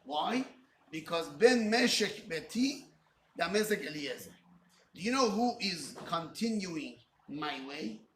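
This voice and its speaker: A man's voice: high-pitched, fairly bright tone, a little hiss or hum. A rabbi teaching a Torah class, who acts out dialogue with God and mixes Hebrew and Yiddish terms into his English. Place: study hall. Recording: roomy, from a distance.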